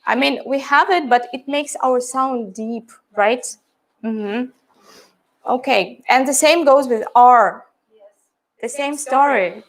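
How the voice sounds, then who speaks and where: A woman's voice: on the high side, slow. A middle-aged woman, an English teacher, explaining how she teaches pronunciation and often checking in with "yeah?" and "right?".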